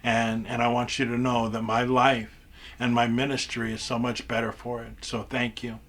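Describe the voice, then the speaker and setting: Earnest pastor with halting repetitions. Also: male voice, mid-range voice, little pitch movement, fairly bright tone. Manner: earnest, stumbles and repeats words. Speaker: pastor and mission chaplain. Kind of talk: prepared farewell tribute. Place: church.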